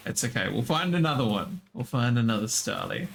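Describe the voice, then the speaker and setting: A man's voice: expressive, fairly quick, gravelly, hardly any pauses, over music. A man giving casual, playful commentary while playing a video game, cooing at the creatures he meets. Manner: playful, squeaks high at creatures. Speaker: gaming streamer.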